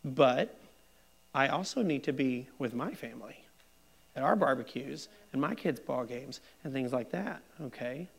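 A man's voice: medium pitch, animated, a little slow, vocal fry, breathy edge. A middle-aged man pastor giving a sermon in a candid, self-deprecating, conversational way.

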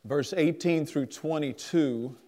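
A man's voice: fairly high pitch, slow pace, mellow. A man preaching a sermon as pastor, earnest and emphatic, his volume swelling and dropping.

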